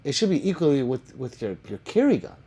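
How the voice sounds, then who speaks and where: A man's voice: mid-range voice, big pitch swings, brisk, warm tone, husky. A man chatting casually on a live stream, reading viewer comments aloud and answering them with jokes and swearing.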